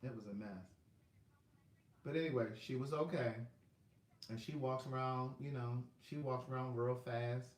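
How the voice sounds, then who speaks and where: Hosting a casual live stream to sell books, a Southern US man rambles, checks his phone, and greets viewers by name. His mid-range voice keeps a steady tone at a measured pace with long pauses, and the room sounds echoey.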